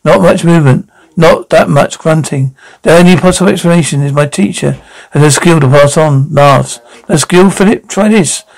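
A man reading aloud a TV drama script by himself, taking every part and calling out the sound cues in a flat read-through. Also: a little high, normal speed, gravelly, low-quality recording. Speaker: reader voicing a TV drama episode.

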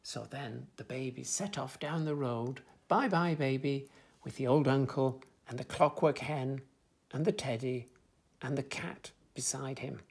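Slow, gravelly man reading a storybook. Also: medium pitch. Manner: gentle, expressive.

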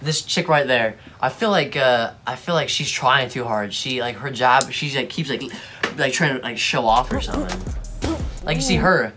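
A man's voice: mid-range voice, expressive, normal speed, sharp tone, soft background music. A young man giving casual reaction commentary, slangy, mocking and easily exasperated. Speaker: video reactor.

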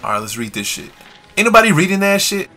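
Guy playing a scary game, cursing nonstop, high voice all over the place, faint music under him. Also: very animated, fast. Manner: swearing constantly, slangy, yelling in panic. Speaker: gamer playing a horror game. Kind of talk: let's play commentary.

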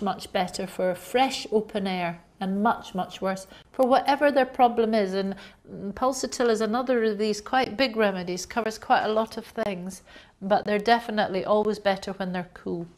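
A woman's voice: mid-range voice, darkish tone. A woman giving a lecture, explaining at length with fillers and acting out coughing fits and gasps. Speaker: homeopathy lecturer. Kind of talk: recorded lecture.

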